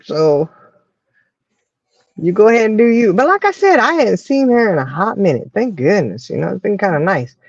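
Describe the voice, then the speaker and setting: A woman's voice: mid-range voice, sing-song, normal speed, no echo. A woman trades stories in easy, casual chat. She laughs often and acts out her own lines with sass. The sound is dry and slightly muffled. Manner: laughs often, quotes herself with attitude. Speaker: co-host.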